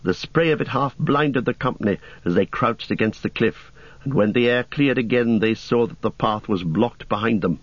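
A man narrates a story at a measured, unhurried pace in a mid-pitched voice. The recording is dry and close, with a slightly dull, muffled top end. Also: no echo. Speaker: audiobook narrator. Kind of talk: scripted narration.

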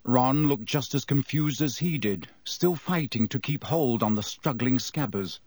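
A man narrating an audiobook in a measured, expressive way. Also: mid-range voice, dry recording.

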